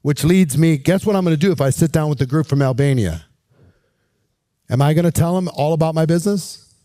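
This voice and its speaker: A man giving a casual coaching lesson on recruiting while walking around, energetic and persuasive, often asking rhetorical questions. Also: fairly high pitch, fairly quick, dry recording, clean studio sound.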